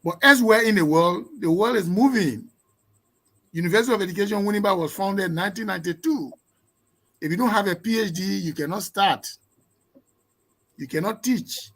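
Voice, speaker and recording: A man with a fairly high voice speaks as a guest professor in an interview, lecturing with emphasis. He drives his points home through runs of rhetorical questions. His delivery swings from loud to soft and from brisk to slow. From Liberia. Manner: sweeping shifts in loudness and pace. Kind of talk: interview answer.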